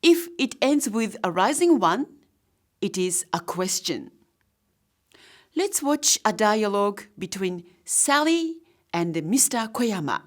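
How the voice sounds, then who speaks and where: Casting: middle-aged woman teacher, unhurried, pitch rising and falling a lot as she explains. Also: very animated. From Japan. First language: Japanese. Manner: slow, deliberate, explaining each word. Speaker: language teacher. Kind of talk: scripted lesson narration.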